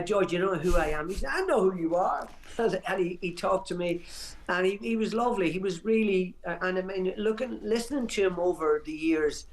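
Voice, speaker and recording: A man in his sixties, a boxing pundit on a radio talk show, reminiscing emphatically and restarting his phrases often. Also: sits high. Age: 60s.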